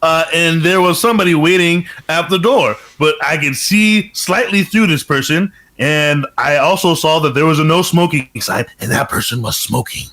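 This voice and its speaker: A man co-hosting a podcast, telling an improvised story in a jokey, animated way. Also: a little high, normal speed, hardly any pauses. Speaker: podcast co-host. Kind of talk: casual improv storytelling chat.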